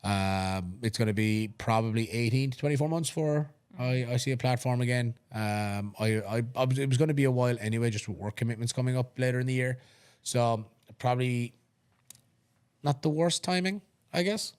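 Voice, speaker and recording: Irish male podcast co-host, mid-pitch, easygoing and rambling, young adult. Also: brisk, clear, resonant tone. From Ireland. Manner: relaxed, rambling, restarts sentences often. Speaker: podcast co-host and strongman competitor. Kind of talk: casual chat.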